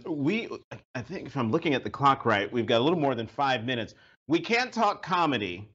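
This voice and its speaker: A man's voice: fairly high pitch, a bit bright. A man host posing questions. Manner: measured questioning with hesitant fillers. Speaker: interviewer, host. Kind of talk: moderated interview. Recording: slightly muffled audio.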